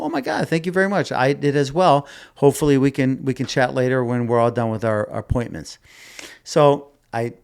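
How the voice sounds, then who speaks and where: A man's voice: mid-range voice, clean tone. Man, middle-aged, podcast host, casual storytelling, rambling, restarts a lot. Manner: rambling, many restarts and asides, animated when upset.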